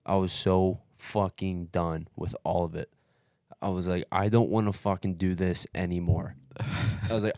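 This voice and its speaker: A man's voice: low voice, normal speed, no room sound, clean studio sound. A man on a casual podcast telling a story, swearing freely, calling people dude and bro, and acting out what others said. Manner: profane, animated retelling with acted-out quotes; peppers speech with dude and bro. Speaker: podcast co-host recounting his race.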